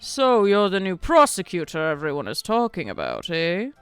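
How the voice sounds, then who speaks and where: A gruff old male judge in a video game, doubtful of the young lawyers before him, as a woman puts on an old man voice. His delivery is a bit loud, and the sound is dry and close. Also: lowish voice, huge pitch swings, normal speed, no room sound, soft background music.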